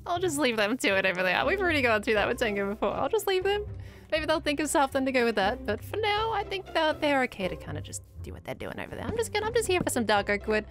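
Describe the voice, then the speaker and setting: Female gameplay host, high lively voice, cutesy and excitable, music bed. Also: fast talker. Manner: bubbly, coos baby talk at animals. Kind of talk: casual gameplay commentary. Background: background music.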